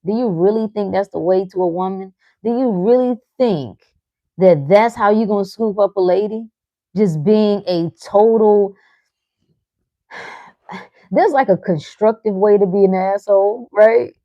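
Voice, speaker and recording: A woman's voice: mid-range voice, unhurried, no echo, muffled recording. A woman hosting a live motivational talk, speaking frankly and profanely, teasing her listeners with short laughs as she reads their comments. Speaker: livestream host reading chat.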